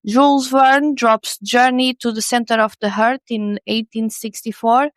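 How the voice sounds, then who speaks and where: A woman's voice: fairly high pitch, steady tone, a little slow, no echo. A woman co-hosting a podcast, narrating in a scripted comedic style with wry, sarcastic asides. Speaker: podcast co-host.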